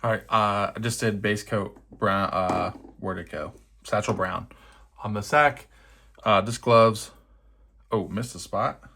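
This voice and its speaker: Young guy rambling casually at his hobby desk, lowish voice, bright edge, jokes at himself. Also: unhurried. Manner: chatty, self-deprecating, thinking aloud. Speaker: miniature painting hobbyist. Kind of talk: casual narration over a painting session.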